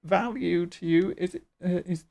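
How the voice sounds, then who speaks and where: A woman's voice: lowish voice, unhurried, gravelly, a little mellow. A woman voicing fierce, proud bird-folk warriors who speak in clipped, scrambled word order while she reads game dialogue aloud. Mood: haughty. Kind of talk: game dialogue voiced live.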